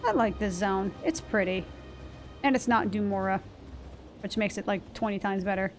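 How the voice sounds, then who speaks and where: A woman's voice: medium pitch, moderate pace. A woman streaming a game, chatting casually and swearing at the monsters she fights. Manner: chatty, profane, talks to the game's monsters. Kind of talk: casual gameplay commentary. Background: game music.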